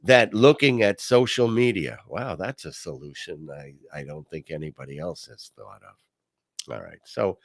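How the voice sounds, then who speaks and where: A podcast host, a man, tells a personal story in a relaxed monologue, pitching up to play the quoted voices and sinking low and quiet for his asides. His pace is measured, and the studio-quality recording has no echo.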